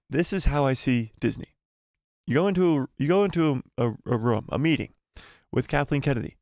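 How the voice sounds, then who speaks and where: A man hosting a live stream, talking in an animated way and repeating phrases as he builds theories. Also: medium pitch, moderate pace, no echo, clean studio sound. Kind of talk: casual live-stream commentary.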